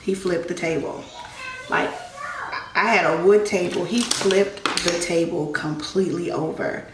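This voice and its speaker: A woman tells a personal story while getting ready at home, chatting and acting out what each person said. Her voice sits low and gravelly. The recording is echoey and noisy, caught on a mic a few feet away. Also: unhurried, a bit bright. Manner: conversational, re-enacts dialogue. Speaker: vlogger. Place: at home, in a room. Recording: echoey room, distant mic, background noise.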